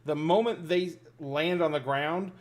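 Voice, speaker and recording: A man serving as game master, narrating the scene in a loose, chatty way with many fillers. His voice sits a little high for a man. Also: measured pace.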